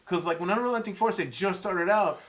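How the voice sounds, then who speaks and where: A man's voice: sits high, a little fast, fairly bright tone. A man in his forties, a guest musician in a casual chat, telling stories with heated, profane language. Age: 40s.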